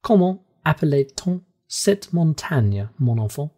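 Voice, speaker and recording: A man voicing an excitable, proud older male professor, lecturing and insistent, with indignant high outbursts. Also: normal speed, slightly rough, heavily acted. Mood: puzzled, questioning.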